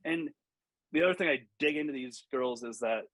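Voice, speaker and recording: A man's voice: medium pitch, normal speed, a bit bright, no echo, low-quality recording. A man who coaches golf, telling stories animatedly in a podcast interview, acting out quotes and swearing freely.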